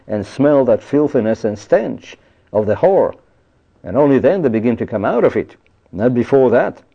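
A man's voice: mid-range voice, dull audio. A man preaching a sermon, reading scripture verses and stressing his points with repeated "you see" and rhetorical questions.

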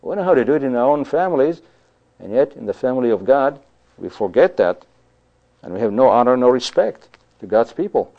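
A man's voice: medium pitch, very animated, brisk. A man preaching a sermon in an emphatic style, who often repeats himself and keeps saying "you see" and "you know.". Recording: dull lo-fi recording.

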